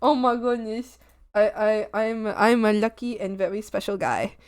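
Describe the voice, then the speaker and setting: A young woman art streamer chats casually and thanks her viewers, getting playful and giggly as she teases her chat with mock scolding. Her voice sits at medium pitch with a moderate pace and a clean, slightly mellow tone.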